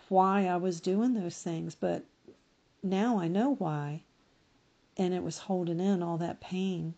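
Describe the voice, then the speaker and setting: A middle-aged woman speaking as a podcast guest, giving slow, reflective personal testimony and often correcting herself mid-sentence. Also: lowish voice, gravelly, dark tone, highs cut off.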